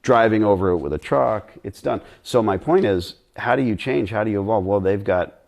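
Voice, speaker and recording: A man's voice: lowish voice, lively intonation, a little fast, creaky, darkish tone. A middle-aged man chatting bluntly and ramblingly as a guest on a live stream Q&A.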